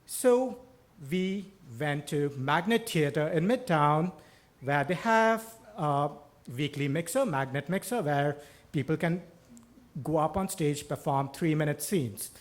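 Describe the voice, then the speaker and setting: A man's voice: a little high, animated, takes it slowly. A man telling a true story on stage before a live audience, wry and self-mocking, swearing casually as he talks into a stage microphone. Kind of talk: live first-person storytelling.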